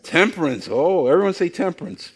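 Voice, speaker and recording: A man's voice: sits high, expressive, fairly quick, husky. An older man preaching a sermon, asking the congregation questions and telling folksy stories with acted-out voices. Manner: folksy storytelling, acts out quoted voices. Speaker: pastor.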